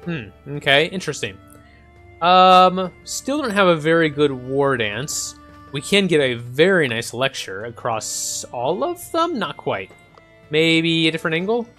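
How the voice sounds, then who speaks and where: A man with a fairly high, bright voice chats casually through a strategy game as he plays it. He's a gaming channel host doing let's-play commentary, thinking aloud with lots of ums and little chuckles.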